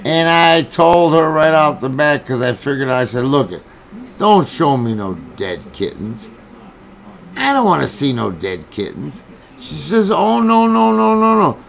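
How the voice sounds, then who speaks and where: Gravelly man ranting, profane and heated. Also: medium pitch, big pitch swings, a little slow, slight background noise, rough recording. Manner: profane, heated storytelling with quoted dialogue. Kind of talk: angry personal rant.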